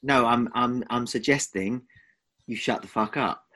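A man's voice: mid-range voice, unhurried, sharp tone. A man with an Essex accent co-hosting a podcast in casual chat, teasing and protesting dramatically. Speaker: podcast co-host.

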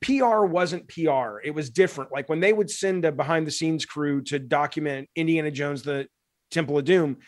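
An animated man from Alabama talks shop in a casual conversation, acting out little quoted scenes and swearing freely. His voice sits a bit higher than most men's, and the sound is close and dry. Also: normal speed, dry recording. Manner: animated, profane, acts out quotes. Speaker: game developer guest.

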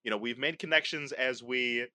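A man's voice: medium pitch, moderate pace, bright, forceful tone, dry recording. A man hosting a podcast, talking in casual chat with theatrical mock outrage and a lot of swearing. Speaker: podcast host.

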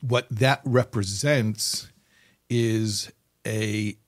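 A man interviewing a guest, explaining points in a measured, thoughtful way. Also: lowish voice, steady tone. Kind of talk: conversational interview.

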